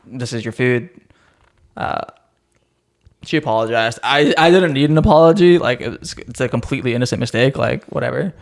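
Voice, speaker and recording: A man's voice: medium pitch, moderate pace, gravelly. Rambling young man telling stories. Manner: rambling storytelling with frequent fillers. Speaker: podcast co-host. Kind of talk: casual chat.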